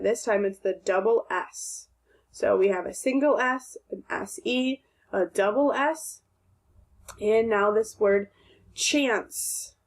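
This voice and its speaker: A woman teaching young children to read, working through a phonics lesson at a slow, unhurried pace. Her pitch sits in an ordinary middle range. She sounds words out clearly, asks questions and then answers them herself. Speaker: second grade teacher.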